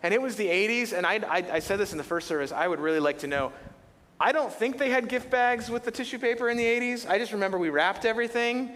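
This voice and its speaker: Man, middle-aged pastor, fairly high voice, lively storytelling, long church reverb. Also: quick pace. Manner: animated storytelling with humor. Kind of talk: sermon. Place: church auditorium.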